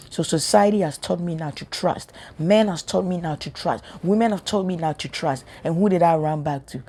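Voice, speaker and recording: A woman's voice: lowish voice, moderate pace, hardly any pauses, mellow. A woman giving an earnest, emotional preaching monologue to her viewers, repeating her points with passion. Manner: earnest, impassioned, repetitive. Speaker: spiritual vlogger.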